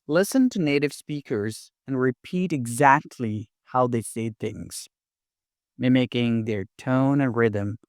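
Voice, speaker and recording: A man giving a scripted English lesson in a clear, deliberate, instructive way. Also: medium pitch, no room sound, clean studio sound. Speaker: English teacher.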